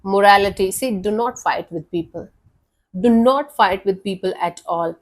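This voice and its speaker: A woman's voice: mid-range voice, moderate pace. A woman giving a casual weekly tarot reading, talking directly to the viewer in a reassuring, conversational way with frequent fillers. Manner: warm, reassuring, addresses viewer as honey. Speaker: tarot reader.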